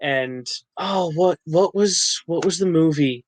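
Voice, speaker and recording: A man's voice: fairly high pitch, takes it slowly, no echo, rough recording. A man from New Jersey, an actor and writer, chatting as a podcast guest, laughing often and restarting his sentences. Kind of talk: casual interview chat.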